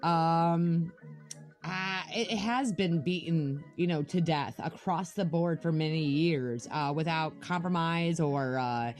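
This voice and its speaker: A woman's voice: low voice, takes it slowly, darkish tone, soft background music. A young adult woman co-hosting a podcast, ranting angrily with lots of swearing in casual chat. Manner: angry, profane ranting. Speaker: podcast co-host.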